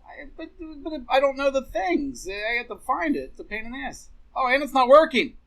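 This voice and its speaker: A man's voice: extremely high pitch, very animated, a little fast, fairly bright tone, no room sound. A man with a Midwestern American accent co-hosting a podcast, joking around and telling stories in casual banter. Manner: wisecracking, storytelling. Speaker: podcast co-host.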